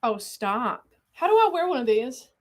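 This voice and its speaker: Young woman live-streamer, high and excitable, rambling and sweary, chats loosely with viewers. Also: moderate pace. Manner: excitable, rambling storyteller who swears freely and keeps getting sidetracked. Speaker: streamer hosting a monthly live unboxing. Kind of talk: casual live-stream chat.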